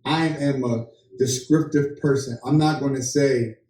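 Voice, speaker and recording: Young husband co-host, dark voice, playful storyteller, mic a bit off in a roomy space. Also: male voice, mid-range voice, a little slow, far from the mic. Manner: joking, animated storyteller acting out dialogue. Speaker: podcast co-host. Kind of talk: casual chat.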